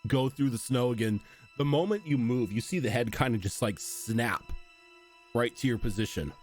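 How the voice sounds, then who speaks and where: A man's voice: mid-range voice, normal speed. Easygoing man running a tabletop game. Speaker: game master. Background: soft music.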